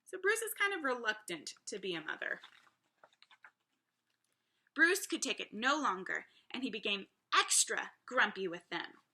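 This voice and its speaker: A woman's voice: on the high side, sing-song, a little slow, pauses often, bright, forceful tone, husky. A woman teacher reading a picture book aloud to young children, with chatty asides to her listeners. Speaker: preschool teacher.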